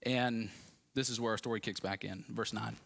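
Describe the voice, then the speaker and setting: A man preaching a sermon in a lively, conversational way with asides to the congregation. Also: fairly low pitch, normal speed, gravelly, a little hiss or hum. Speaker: pastor.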